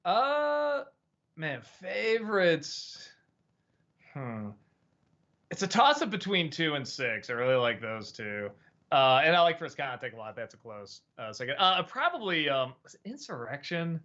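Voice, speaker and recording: A man's voice: fairly high pitch, very animated, unhurried, pushed and bright, dull audio. A man hosting a casual livestream Q&A, rambling and hesitant with lots of fillers. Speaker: host.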